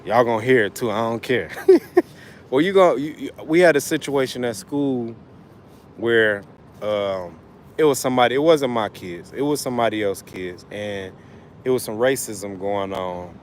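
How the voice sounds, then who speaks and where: A man's voice: medium pitch, normal speed, a little hiss or hum. A man hosting a casual livestream, a father talking loosely and emphatically, with lots of cussing. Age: adult father of school-age kids. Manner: loose, profane, rambling and emphatic. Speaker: livestream host, trucker.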